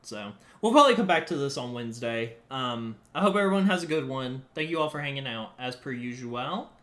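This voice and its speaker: A man with a medium-pitched voice talks a little quickly to his live-stream audience, sitting alone in a small room. His manner is animated: he swears casually, responds to chat, and jumps between topics.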